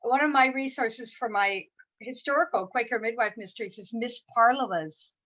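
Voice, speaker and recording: A middle-aged woman author telling anecdotes in a relaxed, casual way. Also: fairly high pitch, normal speed, muffled recording.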